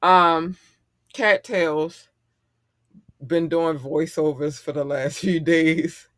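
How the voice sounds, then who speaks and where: A middle-aged man hosting a casual podcast chat, animated and profane and quick to laugh. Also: a little high, no room sound, studio quality. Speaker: podcast host.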